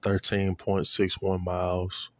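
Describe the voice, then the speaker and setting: Deep-voiced young man rambling casually. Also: completely flat delivery, slow pace, clear, resonant tone, dry recording. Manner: loose, profane, full of fillers and slang. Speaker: vlogger.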